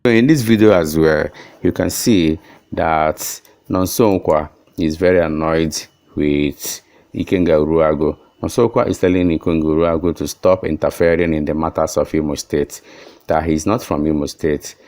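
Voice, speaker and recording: Guy reading the news, super deep voice, matter-of-fact. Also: fairly even intonation, normal speed, a little mellow. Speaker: news presenter. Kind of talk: news voice-over.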